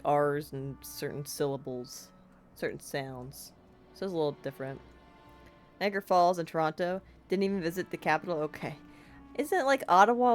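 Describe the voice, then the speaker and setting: A young American woman streaming a game, chatting casually and rambling cheerfully, with lots of "like" and "you know.". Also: deep voice. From United States. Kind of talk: casual let's-play chat.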